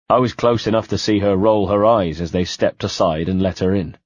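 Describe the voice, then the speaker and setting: A man narrating an audiobook in the first person, measured and quietly tense. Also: fairly low pitch, dry recording. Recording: dull dry home-studio sound.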